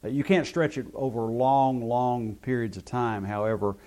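A man's voice: mid-range voice, fairly even intonation, moderate pace, a little mellow. A man leading a Bible study class, explaining at length with many hesitant fillers. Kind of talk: classroom teaching.

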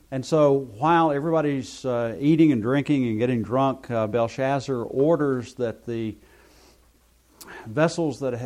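A man's voice: mid-range voice, darkish tone. A man leading a Bible study class, explaining at length with many hesitant fillers. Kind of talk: classroom teaching.

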